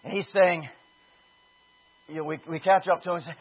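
A man with a fairly high, husky voice preaches a sermon, telling his story with animated, shouted bursts. The sound is thin and tinny, as if it came over a phone line. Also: fairly quick.

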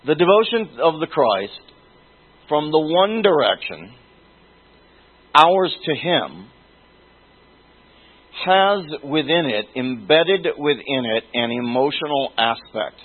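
A man gives a slow Bible-teaching sermon, his voice husky and a little rough. He moves deliberately, circling back to restate phrases as he reaches for the right word. It all comes through a narrow, tinny, phone-like recording. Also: a little high, sing-song. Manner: deliberate, restates phrases while searching for words.

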